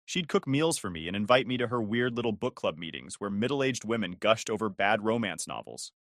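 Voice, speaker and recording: Guy reading a story out, lively ups and downs, super dry mic. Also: fairly low pitch, brisk, dry recording. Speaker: narrator. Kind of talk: scripted first-person story narration.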